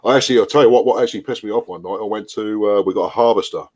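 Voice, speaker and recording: A man's voice: lowish voice, very fast, darkish tone, breathy edge. A man chatting casually over a beer on a group call, swearing freely as he talks. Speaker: hangout participant. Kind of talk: casual chat over drinks.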